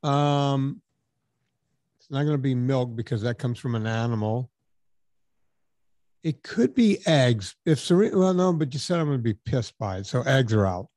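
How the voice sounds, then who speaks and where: A middle-aged man chatting on his podcast, talking his way through a thought with lots of restarts and fillers. His voice sits at an ordinary male pitch. The sound is dry and close, with no room around it. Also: expressive, moderate pace, pauses often, a little mellow, no echo. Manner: rambling, thinks aloud with restarts and fillers. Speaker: podcast host. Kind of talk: casual chat.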